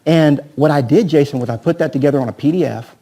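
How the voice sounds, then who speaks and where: A man with a fairly high voice talks quickly while training real estate agents at a live seminar. He's energetic, keeps throwing "right?" and other questions at the audience, and acts out sales scripts with a volunteer from the crowd.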